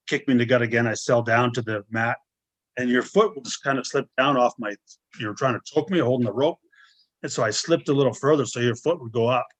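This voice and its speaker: A man guesting on a podcast, telling lively stories in casual chat. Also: medium pitch, fairly quick, no room sound, rough recording. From Canada. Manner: animated storyteller, acts out shouts.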